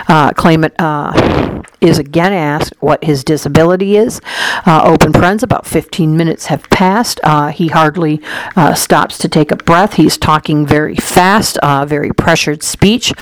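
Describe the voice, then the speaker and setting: Examiner dictating clinical notes, mid-pitched voice, dry close sound, halting with uh and um, punctuation read aloud. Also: no echo, poor audio. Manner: reads aloud with frequent uh and um fillers; speaks punctuation aloud, matter-of-fact.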